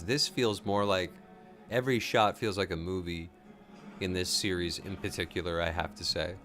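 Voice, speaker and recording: A man hosting a live episode reaction, an excitable fan who is tired and a little out of it late at night. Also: lowish voice. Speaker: show host.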